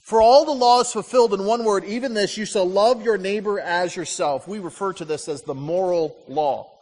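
Animated high-voiced pastor in a reverberant hall. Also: male voice, normal speed. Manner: animated storytelling with punchy repeated lines. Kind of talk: sermon.

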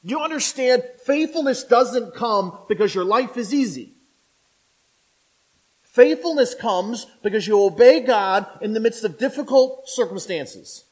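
A male pastor preaching a sermon in a conversational, animated way, asking the listeners questions and acting out the voices of people in the story. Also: very high-pitched, measured pace, breathy edge, low-quality recording. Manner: animated, acts out quoted voices; conversational, asks the audience questions.

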